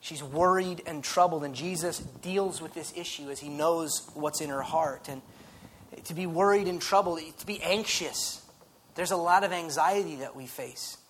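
A man's voice: on the high side, moderate pace. Pastor guy giving a chatty sermon, keeps restarting his sentences, faint noise behind him. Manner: animated, conversational preaching with frequent restarts.

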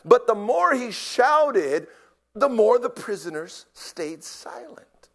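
High-voiced man preaching with slow drama. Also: big pitch swings, creaky. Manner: dramatic storytelling, swings from shouting to hushed whispers; repeats words when he starts a line. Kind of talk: sermon.

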